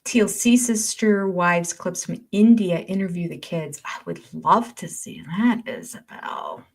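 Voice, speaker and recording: An older woman hosts a livestream, chatting casually, reading viewer comments aloud and laughing often. Her voice is lowish and sing-song, and she takes an unhurried pace.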